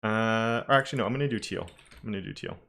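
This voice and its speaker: A man's voice: lowish voice, quick pace, gravelly, a bit bright. A man teaching a live-streamed coding lesson, talking casually and thinking aloud with frequent self-corrections. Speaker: web development instructor.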